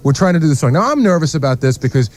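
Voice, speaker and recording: A man on a radio show, defending himself and telling his side of a story with excitable, defensive energy. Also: fairly high pitch, racing. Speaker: show staffer being teased.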